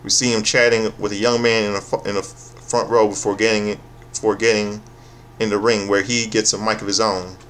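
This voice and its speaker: A man with a lowish voice recaps a wrestling show in a loose, casual way. He is sarcastic and swears freely. He often stumbles over his words and restarts his sentences. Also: flat delivery, a bit bright, slight background noise. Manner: profane, sarcastic, halting with restarts.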